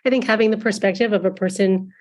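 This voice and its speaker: A woman's voice: medium pitch, fairly even intonation, fast. A woman film director talking earnestly and reflectively as a guest in an interview. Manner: earnest, reflective, with some restarts. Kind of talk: casual interview conversation.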